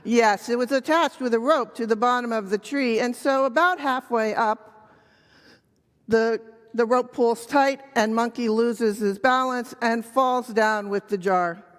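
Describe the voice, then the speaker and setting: A woman telling a children's story gently and slowly to a church congregation. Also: a little high. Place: church sanctuary. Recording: reverberant church hall.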